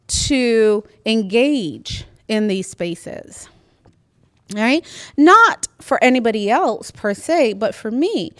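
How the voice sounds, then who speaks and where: A woman's voice: a little high, no room sound, studio quality. A woman academic giving a conference panel talk, emphatic and speaking directly to the audience, checking in often with tag questions. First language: immigrant.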